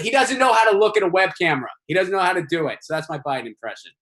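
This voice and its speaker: Fast-talking joking American man. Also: high voice, sing-song, fairly bright tone. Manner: quick, joking, storytelling. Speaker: comedian guest. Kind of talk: casual comedic banter.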